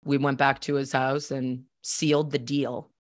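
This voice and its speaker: A woman's voice: a bass voice, level tone, measured pace. A woman from Boston, a podcast host, telling a personal story in a candid, chatty way and acting out the dialogue.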